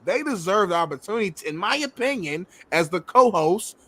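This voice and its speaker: A man's voice: sits high, animated, brisk, sharp tone. A man co-hosting a talk show, bantering casually with loose slang and cursing. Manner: joking, profane, loose street slang. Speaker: co-host.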